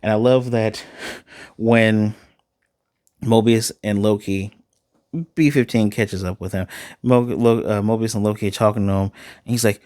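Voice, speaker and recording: Lowish-voiced man from Chicago reviewing a show. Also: steady tone, measured pace, pauses often, a little mellow, smooth, dry recording, clean studio sound. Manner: enthusiastic, conversational, repeats phrases. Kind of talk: casual spoken review.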